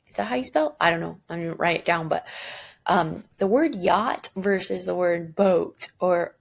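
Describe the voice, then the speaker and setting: Gravelly low-voiced woman teacher. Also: lively intonation, unhurried. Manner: chatty, self-deprecating, thinks aloud. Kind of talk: recorded classroom lesson.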